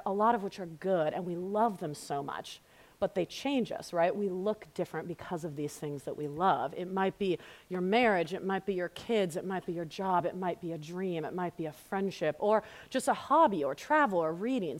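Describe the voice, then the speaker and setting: Earnest woman teaching a church Bible study. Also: on the low side. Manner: warm, storytelling, earnest, softening to a hushed prayer. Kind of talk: women's ministry teaching talk. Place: church women's gathering, live audience.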